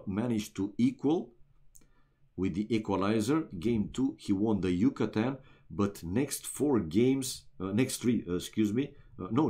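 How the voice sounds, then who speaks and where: A man from Romania commentating a strategy game match live, sitting at the lower end of the male range. His tone is warm and mellow. He talks loosely and chats with the viewers as he goes. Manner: chatty, talks straight to chat viewers, many "uh" and "man". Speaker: esports caster.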